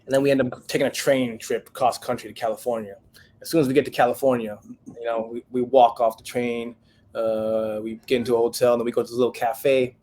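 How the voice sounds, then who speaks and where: A man's voice: mid-range voice, fast talker, a little hiss or hum. A man in his thirties, a chef guest on a podcast, telling a story casually and acting out the people he quotes. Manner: animated storyteller, acts out quoted voices.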